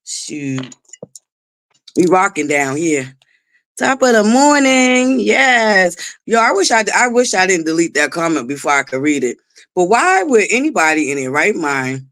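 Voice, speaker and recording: A woman's voice: on the low side, very animated, unhurried, fairly bright tone, no room sound. A woman hosting a casual livestream who greets chatters by name, laughs often and swears freely. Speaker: livestream host.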